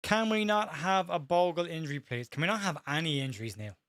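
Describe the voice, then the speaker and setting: An Irish man hosting a live watch-along, calling the match fast and tripping over players' names while reading out viewer comments. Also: on the high side, expressive, fairly bright tone, no echo. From Ireland. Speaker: host.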